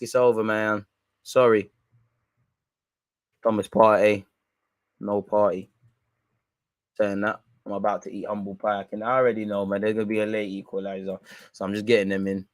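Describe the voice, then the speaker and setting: A young man giving excitable, banter-filled live reaction commentary on a football match. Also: fairly low pitch, normal speed, long pauses, no echo. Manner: excitable, banter-heavy, swears. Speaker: football watch-along streamer.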